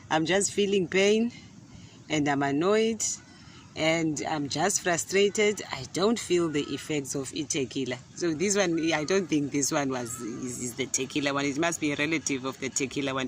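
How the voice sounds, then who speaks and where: A middle-aged woman telling a casual story in an animated way, often repeating words and laughing. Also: deep voice, a little hiss or hum. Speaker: gardening vlogger. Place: outdoor garden.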